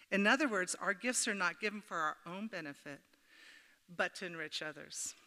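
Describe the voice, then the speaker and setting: Chatty middle-aged woman, bright voice, echoey hall. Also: mid-range voice. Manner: chatty and humorous, addresses the audience directly. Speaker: speaker at a church gathering. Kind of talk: informal devotional talk with personal stories. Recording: reverberant hall.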